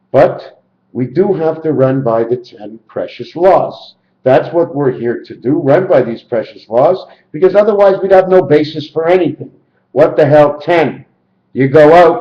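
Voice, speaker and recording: A man talking to camera in a rambling monologue, jumping into quoted voices with sudden pitch leaps. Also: echoey room, highs cut off. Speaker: video maker.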